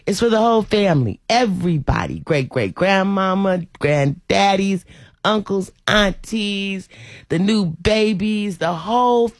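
A woman hosting a talk show, chatting in an animated, preachy, folksy way. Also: mid-range voice, a little slow, no room sound. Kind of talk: casual talk show chat.

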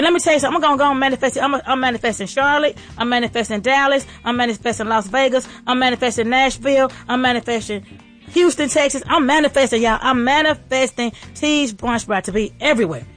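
Fast-talking, preachy woman entrepreneur. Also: high voice, fairly bright tone, soft background music. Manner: fast, preachy, repetitive rallying cadence. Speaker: restaurant owner giving a motivational talk. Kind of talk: motivational faith talk.

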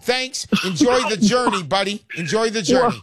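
A man hosting a call-in radio show, talking in brash, emphatic salesman patter with loud bursts. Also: sits high, animated, normal speed, background noise.

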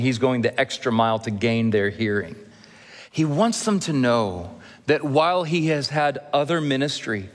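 Man preaching in a reverberant hall. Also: medium pitch. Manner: earnest expository preaching with slow emphatic phrases. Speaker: pastor. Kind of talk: sermon. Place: church sanctuary.

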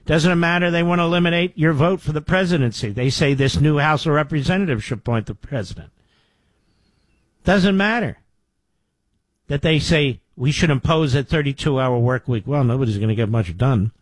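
A man in his sixties from the Philadelphia area hosts a political talk radio show, mocking and sarcastic, with asides to his producer. His fairly high voice is animated and moderately paced, with no echo.

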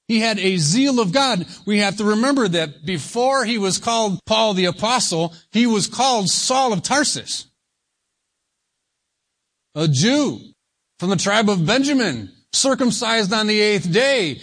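A man preaching a sermon, slow and emphatic, leaning on single words for stress. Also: high-pitched, a bit bright. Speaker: pastor.

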